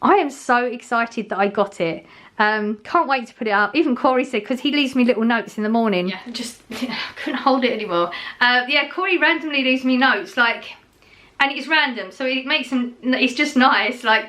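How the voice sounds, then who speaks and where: Middle-aged woman, vlogger, relaxed rambling chat to camera, voice sitting a touch high. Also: moderate pace. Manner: chatty and rambling, with many fillers and restarts.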